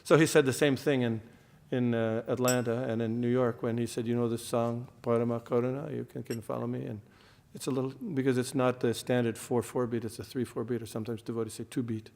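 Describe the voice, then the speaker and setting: A man's voice: medium pitch, level tone, brisk, creaky, few pauses, a little mellow. Man teaching a devotional class in a reverberant hall. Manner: explains terms, quizzes the audience, frequent fillers and restarts.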